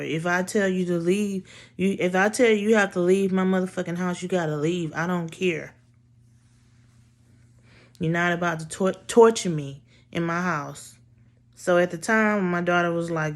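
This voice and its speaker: A woman casually telling a personal story in a blunt, profane, exasperated way. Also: fairly low pitch.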